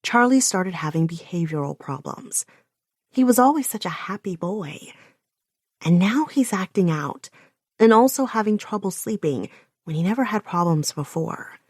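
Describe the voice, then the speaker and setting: A woman's voice: on the low side, lively intonation, moderate pace, breathy edge, no echo. Intense woman narrating an audiobook in a dry booth. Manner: intense, emotional telling with sharp outbursts. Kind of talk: first-person audiobook narration.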